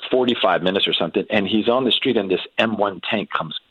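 A middle-aged man with a very low voice recounts a family story at an easy pace, pausing and restarting often. The sound is dry and a little muffled. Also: husky, dry recording. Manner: unhurried, halting anecdote with many restarts and ums. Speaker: guest. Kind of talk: storytelling in casual conversation.

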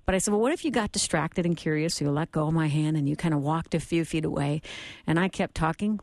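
A woman's voice: sits low, fast, darkish tone, dry recording. A middle-aged woman hosting a Christian radio talk show, telling a family story and retelling the dialogue.

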